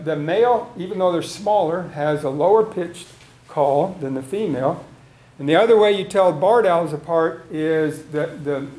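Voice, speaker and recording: Higher-voiced man lecturing in an echoey room. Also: darkish tone. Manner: conversational, tells field stories and asks the audience questions. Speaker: wildlife biologist giving a lecture. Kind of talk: live public lecture.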